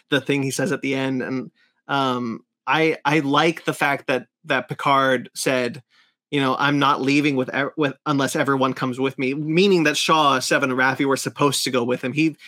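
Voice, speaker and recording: A man's voice: mid-range voice, steady tone, moderate pace, a bit bright. A man hosting a podcast, chatting casually and with strong opinions, full of fillers and restarts. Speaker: podcast host. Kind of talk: casual review chat.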